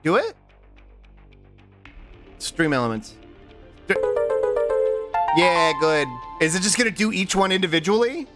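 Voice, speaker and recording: A young man streaming, chatting casually to his viewers, rambling and swearing as he slips into quick voice impressions. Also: high voice, expressive, loud music behind the voice. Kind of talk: casual livestream chat.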